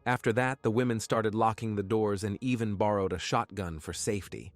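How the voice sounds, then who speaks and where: A man giving scripted true-crime narration in a measured, even way. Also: on the low side, no room sound, soft background music.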